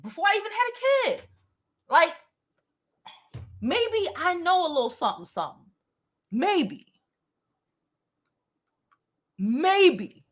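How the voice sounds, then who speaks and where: A direct woman hosts a beauty livestream and answers comments without softening anything. Her voice sits high and bright, and her pitch swings widely. She swears casually. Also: very animated, moderate pace, pauses often. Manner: blunt, direct, swears freely. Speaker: beauty channel host.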